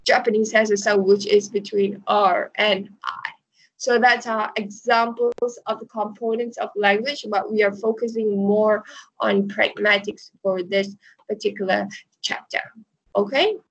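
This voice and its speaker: A woman's voice: mid-range voice, fairly even intonation, unhurried, breathy edge, no echo, highs cut off. A woman lecturer explaining course ideas through examples, often starting with "okay, so" and restarting her sentences. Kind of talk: online university lecture.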